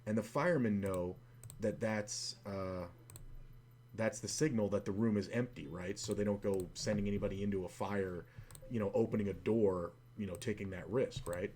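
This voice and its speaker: Low-voiced man, swearing poker streamer. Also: normal speed, darkish tone, slight background noise. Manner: profane, rambling, full of fillers. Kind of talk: casual storytelling while playing online poker.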